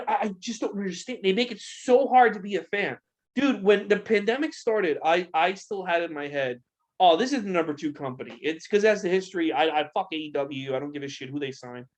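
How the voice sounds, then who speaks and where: Profane, heated young man ranting. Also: sits high. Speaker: podcast co-host. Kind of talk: casual wrestling podcast rant.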